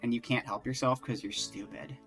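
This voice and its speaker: A man's voice: medium pitch, steady tone, brisk, fairly bright tone, soft background music. A man streaming live, chatting casually and rambling from topic to topic in a self-mocking way. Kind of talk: casual live-stream chat while playing.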